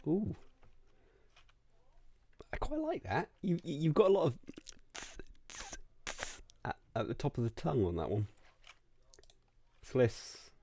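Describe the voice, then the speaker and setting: A man's voice: on the high side, huge pitch swings, measured pace, pauses often, warm tone, slight background noise. A man giving casual studio feedback to a singer as a music producer, rambling and interrupting himself, with faint music and keyboard clicks behind. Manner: rambling, self-interrupting, repeats words.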